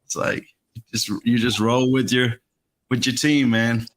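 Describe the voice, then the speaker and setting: A man's voice: medium pitch, level tone, a little slow. A man co-hosting a casual soccer fan podcast, laid-back, laughing often and swearing casually. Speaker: podcast co-host. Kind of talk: casual chat.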